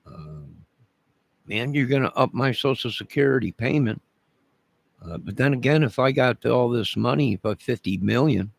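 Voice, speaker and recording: Gravelly, low-voiced man ranting angrily. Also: no room sound. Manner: profane, repetitive, demanding. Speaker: vlogger. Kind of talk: angry profane rant to camera.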